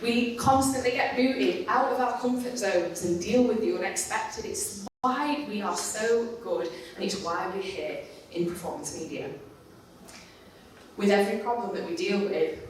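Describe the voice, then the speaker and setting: A woman's voice: mid-range voice, expressive, moderate pace, slight background noise. Candid woman speaker in an echoey hall. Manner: candid and self-mocking, swears casually. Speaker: conference speaker. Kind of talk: storytelling talk. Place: conference stage in a large hall. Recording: echoey hall, mic at a distance.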